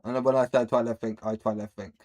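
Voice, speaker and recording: A man's voice: mid-range voice, level tone, very fast, a little mellow. A man hosting a reaction video, who rambles bluntly with many fillers and says he has a speech problem. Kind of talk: casual reaction commentary.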